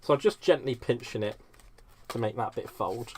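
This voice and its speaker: A man's voice: mid-range voice, moderate pace, darkish tone, slight background noise. Chatty man hosting a craft stream. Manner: chatty, self-mocking, laughs often. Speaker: live craft stream host. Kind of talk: casual live-stream chat while crafting.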